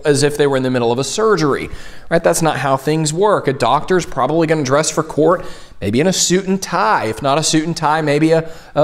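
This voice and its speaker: A man from Tennessee coaching mock trial students in a conversational teaching style, often checking in with "right?". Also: on the high side. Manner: conversational, keeps asking "right?". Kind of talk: instructional video talk.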